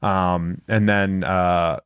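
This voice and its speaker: A man co-hosting a podcast, chatting about a holiday special in a relaxed, laughing way. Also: deep voice, very slow, clean tone, no echo, clean studio sound. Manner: relaxed, laughing, acts out quotes. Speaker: podcast co-host. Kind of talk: casual movie discussion.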